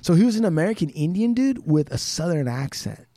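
Rambling, profane man, slightly high. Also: very animated, brisk, warm tone, dry recording. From Pacific Northwest US. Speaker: podcast guest. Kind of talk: casual podcast chat.

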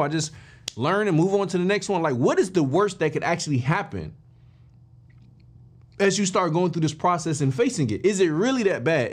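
A man hosting a podcast, telling a motivational story in an animated way and talking straight to his listeners. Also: on the high side. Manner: animated, addresses listeners directly and informally; emphatic with frequent restarts and fillers. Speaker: podcast host.

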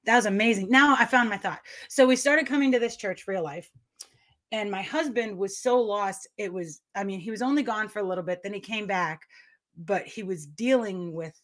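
A middle-aged woman, an author guest in an interview, telling her story in an excitable, rambling way with frequent laughter. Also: mid-range voice, moderate pace. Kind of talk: conversational interview.

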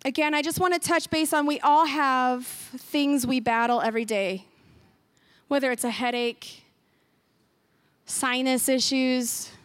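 A woman's voice: high-pitched, fairly even intonation, unhurried, dry recording. A woman pastor preaching a sermon in a church, earnest and emphatic, repeating key phrases for weight. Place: church sanctuary.

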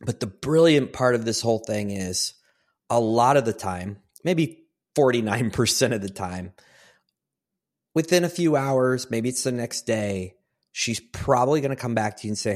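A man's voice: mid-range voice, normal speed. A middle-aged man hosting a solo podcast, giving earnest conversational advice to other men. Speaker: podcast host.

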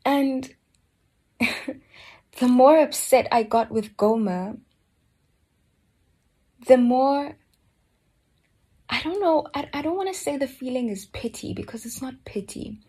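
A woman giving a slow, earnest personal reflection on a Bible book, often dropping to a soft near-whisper. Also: high-pitched, slightly rough. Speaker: Bible study speaker.

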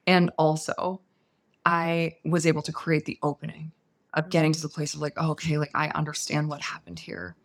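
A woman, a guest on an interview show, telling a personal story in a soft, unhurried, earnest way. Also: deep voice, vocal fry.

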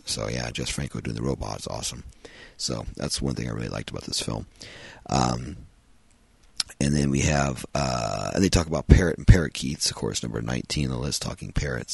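A man's voice: extremely low pitch, moderate pace, creaky, slightly rough, no echo. A man hosting a podcast, reviewing a film in a rambling, casual way with frequent ums and uhs.

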